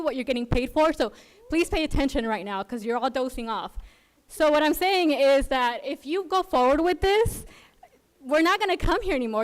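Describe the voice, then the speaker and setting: A young woman from Southern California, a doctoral student, speaking assertively and sarcastically at a council podium, with frequent "um"s. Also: sits high. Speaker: doctoral student giving public comment. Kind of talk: public comment speech. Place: city council chamber.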